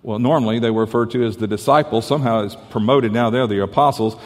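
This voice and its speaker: A man preaching a sermon, earnest and repetitive, dropping to softer tones as he tells a parable. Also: mid-range voice, fast. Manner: earnest, repeats and restarts, drops to soft tones for the story. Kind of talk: sermon with storytelling. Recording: reverberant church hall.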